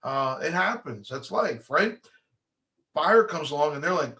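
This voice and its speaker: Man, middle-aged home inspector, bright slightly high voice, chatty training-talk delivery with frequent restarts. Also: lively intonation, a little slow. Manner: conversational, restarts often, acts out clients' voices. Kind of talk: training talk for real estate agents.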